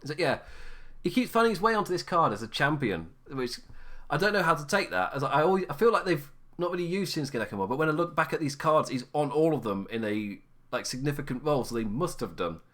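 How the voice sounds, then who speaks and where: A man's voice: a little high, lively intonation, fast, a bit bright. A tired man chatting on his own, rambling, often laughing and correcting himself. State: tired, low energy. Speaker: podcast host. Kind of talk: casual solo wrestling chat.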